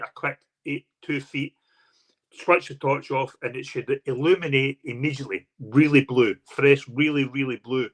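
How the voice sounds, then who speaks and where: A male pest control expert speaks as a podcast guest at a mid-range pitch. He rambles through his story, repeating words and restarting sentences. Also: fairly bright tone. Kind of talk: casual storytelling chat.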